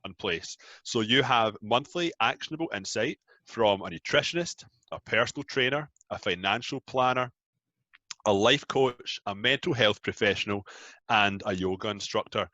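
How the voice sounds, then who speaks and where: Chatty Scottish man, bright voice. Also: lowish voice, moderate pace, dry recording, lo-fi sound. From Scotland. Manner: chatty, self-deprecating, laughs easily. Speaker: guest, app founder. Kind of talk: casual interview chat.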